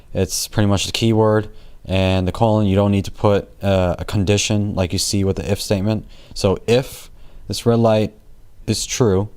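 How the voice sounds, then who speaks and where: A man's voice: low voice, darkish tone, clean tone. A man teaching programming in a casual, rambling way, full of fillers, jokes and self-corrections, with keyboard typing behind him. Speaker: programming tutor. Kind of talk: casual screen-recorded coding lesson.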